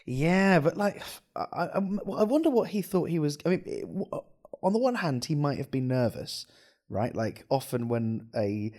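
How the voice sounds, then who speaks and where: A man's voice: fairly high pitch, expressive, normal speed, darkish tone. Thoughtful man musing on a podcast. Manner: reflective, asks questions, hesitant restarts. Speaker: podcast co-host. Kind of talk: casual podcast chat.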